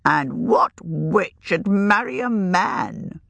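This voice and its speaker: A woman voicing a shrewd, earthy old village witch who talks in a rustic, old-fashioned country way, her pitch raised and wavering. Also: lively intonation, slow pace, gravelly, fairly bright tone, no echo, exaggerated voice. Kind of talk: audiobook reading.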